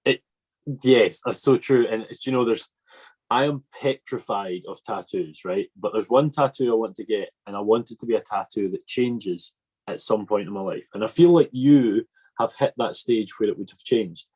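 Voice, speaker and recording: Young guy hosting a podcast, husky voice, rambles excitedly with lots of ums. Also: fairly low pitch, normal speed. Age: 20s. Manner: enthusiastic and rambling, with many fillers. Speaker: podcast host. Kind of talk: casual chat.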